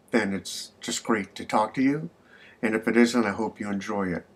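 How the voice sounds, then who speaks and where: An older man telling a joke in a friendly, folksy way, as a message to a friend. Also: on the low side. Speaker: joke teller. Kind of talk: casual spoken joke message.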